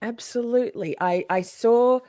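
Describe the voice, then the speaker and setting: A woman's voice: fairly high pitch, normal speed, warm tone, no echo. A woman hosting a live-stream podcast from home in a casual, chatty way, greeting viewers by name and breaking off to scold her dogs. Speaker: podcast host.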